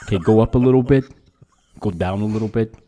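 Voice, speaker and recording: A man doing a solemn, low interviewer who delivers each question in a flat, deadpan way. He keeps tacking "guy" onto his sentences. The tone is mellow and fairly deep. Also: quick pace, a little hiss or hum, natural voice. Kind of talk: parody interview.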